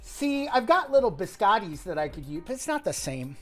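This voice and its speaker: A man's voice: sits high, very animated, normal speed, hardly any pauses, faint music behind. Rambling, swearing male streamer host. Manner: rambling, joking and swearing, drifting between mutters and loud bursts. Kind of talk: casual live-stream chat.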